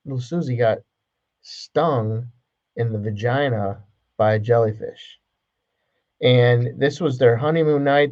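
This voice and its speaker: A man's voice: medium pitch, a little mellow, lo-fi sound. A man co-hosting a podcast, chatting casually and telling jokes in a self-mocking way. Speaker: podcast co-host. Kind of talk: casual chat, joke telling.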